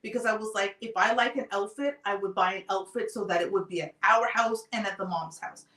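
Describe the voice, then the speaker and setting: A woman hosting a live talk show, telling a personal story in a calm, deliberate way. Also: medium pitch. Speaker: host. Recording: roomy sound, off-mic distance.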